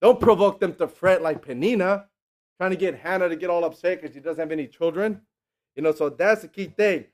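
Guy preaching a lively sermon, kinda high voice, keeps acting out bits in mocking tones and laughing. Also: a little fast. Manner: animated, acts out quotes in mocking voices, laughs often.

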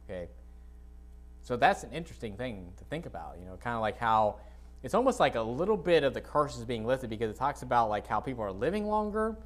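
A man preaching an informal sermon to a congregation, reading scripture and adding blunt, dismissive asides while often clearing his dry throat. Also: medium pitch, very animated, fairly quick. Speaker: pastor. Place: church sanctuary, speaking to a congregation.

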